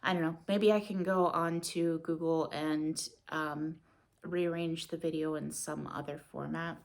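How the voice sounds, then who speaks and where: Gravelly-voiced woman in her thirties. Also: sits low, steady tone, measured pace. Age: 30s. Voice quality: gravelly, just out of bed. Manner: rambling and reflective, with many fillers. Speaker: vlogger. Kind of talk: casual morning vlog chat. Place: her home, in the morning.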